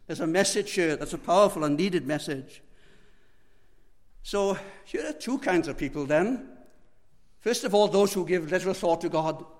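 A man preaching a sermon, pleading with passion, swinging between loud and hushed. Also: sits high, long reverb tail.

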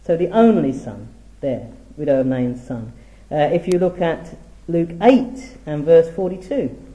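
A middle-aged man giving a Bible teaching talk, measured and reading scripture aloud with emphasis. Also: on the high side, lively intonation, dark tone, reverberant, rough recording. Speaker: preacher.

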